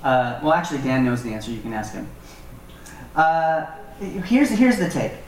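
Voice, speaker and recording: A man's voice: fairly high pitch, sing-song, moderate pace, a little hiss or hum. Guy doing a chill bible study, jokey asides, mic kinda far off, roomy echo. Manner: conversational, joking asides. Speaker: Bible teacher. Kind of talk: casual Bible teaching. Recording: echoey room from far off.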